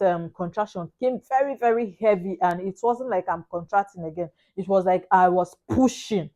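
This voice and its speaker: A young Nigerian woman with a Nigerian accent, telling her own story in an animated, dramatic way in a casual vlog. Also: medium pitch. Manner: animated, dramatic retelling with Pidgin and Yoruba asides. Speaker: vlogger.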